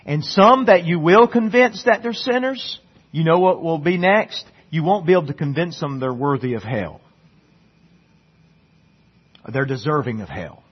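A preacher with a husky, slightly high voice delivers an earnest sermon. He climbs to loud, emphatic peaks and drops into soft, low stretches, repeating words as he gets going. The recording is dull and lo-fi. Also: expressive, moderate pace. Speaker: pastor.

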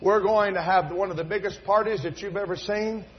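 A middle-aged pastor from North Carolina, USA preaches a sermon in a church, telling folksy stories and rising to emphatic fervor. His voice is high and steady in tone, a little fast, on a dull lo-fi recording with a little hiss or hum.

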